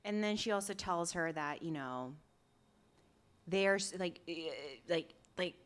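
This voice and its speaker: A woman co-hosting a podcast, recapping a drama in casual chat, telling it with lively quoted asides. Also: on the low side. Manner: animated storytelling with quick quoted asides and laughs. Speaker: podcast co-host.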